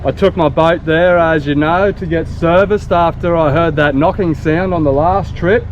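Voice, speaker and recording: A man's voice: a little high, normal speed, dull audio. Laid-back Australian man on a boat. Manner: laid-back and chatty, with a broad slangy drawl. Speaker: fishing vlogger. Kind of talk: casual vlog talk to camera. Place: small open boat on the water. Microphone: action camera mounted on the boat. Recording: boat motor and wind noise.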